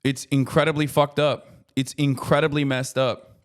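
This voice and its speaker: A man's voice: medium pitch, little pitch movement, normal speed. A man in his thirties streaming casual political commentary, ranting with heavy profanity.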